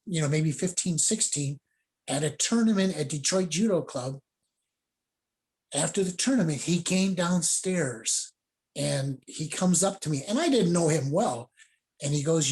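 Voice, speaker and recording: A man's voice: on the high side, expressive, unhurried, darkish tone. A middle-aged man, a judo sensei, telling rambling stories casually on a video call. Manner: rambling anecdotes with laughs and acted quotes.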